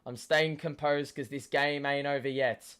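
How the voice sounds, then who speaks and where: A young man, hoarse from shouting, gives a live fan commentary of a football match, swearing and yelling at the play. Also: mid-range voice, fairly even intonation, measured pace. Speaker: watchalong host.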